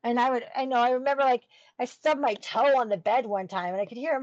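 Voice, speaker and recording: A middle-aged woman telling her story as a podcast guest, earnest and halting as she searches for words. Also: fairly high pitch, muffled recording. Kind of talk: personal storytelling in an interview.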